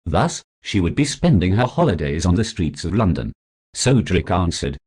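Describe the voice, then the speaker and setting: A man's voice: low voice, big pitch swings, moderate pace, a little mellow, slightly rough. A man narrating a story in the first person as a scripted audiobook reading.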